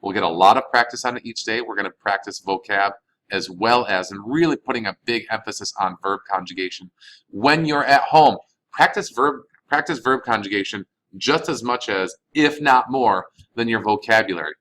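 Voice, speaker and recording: A man's voice: lowish voice, moderate pace, a bit bright, poor audio. A man teaching a recorded language lesson, patiently reading each phrase and then explaining it. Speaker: Spanish teacher.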